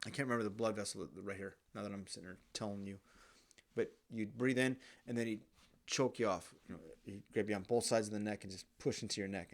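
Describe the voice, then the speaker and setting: Man, young adult, podcast host, profane, rambling, candid, casual storytelling. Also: lowish voice.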